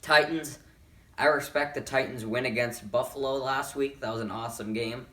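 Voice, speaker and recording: A man's voice: medium pitch, steady tone, normal speed, sharp tone. Tired male sports vlogger, offhand and rambling, recorded at home with the mic a bit far off and echo around him. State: tired, yawning. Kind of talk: casual picks and predictions talk.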